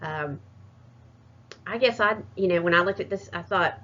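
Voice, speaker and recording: A woman's voice: fairly low pitch, normal speed, a bit bright. Hesitant woman presenting. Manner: hesitant, many fillers and restarts. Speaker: student presenter. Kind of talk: recorded class presentation. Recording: muffled lo-fi recording.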